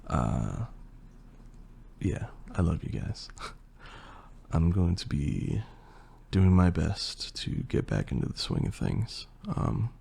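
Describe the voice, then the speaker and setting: A young man with a hoarse, partly lost voice, chatting casually and rambling through a Q&A as an ASMR creator. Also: rumbling low. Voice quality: gravelly and husky. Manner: relaxed, rambling, with fillers and swearing. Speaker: ASMR creator answering questions. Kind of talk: casual Q&A chat.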